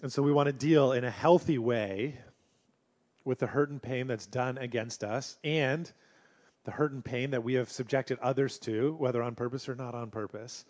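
A man preaching a sermon as pastor, earnest, moving between emphatic passages and hushed ones. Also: medium pitch, moderate pace.

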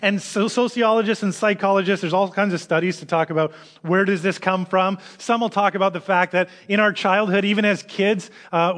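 High-voiced man preaching a sermon. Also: a bit bright. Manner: conversational storytelling with quoted voices. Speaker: minister.

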